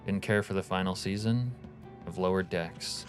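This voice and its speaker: A man's voice: sits low, moderate pace, soft background music. A man live-streaming a game, chatting casually, reading viewer comments aloud and swearing offhand. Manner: laid-back, profane, reads chat aloud.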